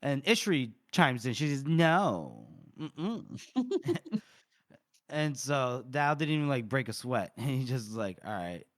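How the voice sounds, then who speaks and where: A man's voice: medium pitch, animated, measured pace. A man co-hosting a podcast, recapping a novel's chapter in casual chat and briefly voicing the characters' lines. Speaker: podcast co-host. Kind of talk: casual book-discussion chat.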